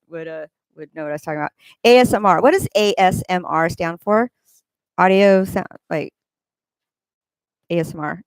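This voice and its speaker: A woman talks casually on her own livestream, reading chat aloud and wandering from one aside to the next. Her voice sits at a middle pitch. She is recorded on a close desk mic in a dry home room. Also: no echo. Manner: rambling, reads chat comments aloud. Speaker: livestream host. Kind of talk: casual live-stream chat. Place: home room with a fan running. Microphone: desk microphone.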